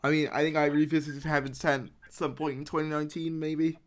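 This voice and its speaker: A man's voice: a little high, level tone, fairly quick. Rambling young man chatting on a podcast. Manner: rambling, laughs often, many fillers. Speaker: podcast host. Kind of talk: casual chat.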